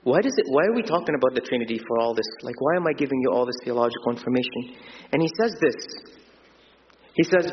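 An earnest man delivers a sermon from a church, pausing on fillers and restarting phrases. His voice rings out with a long reverb through the hall. The recording sounds dull and muffled, with a faint hiss underneath. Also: medium pitch, animated. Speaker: preacher.

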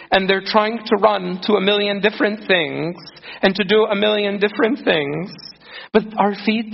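A man's voice: high-pitched, vocal fry. A man preaching a sermon earnestly, acting out scripture quotes with feeling. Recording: muffled sound in a reverberant hall.

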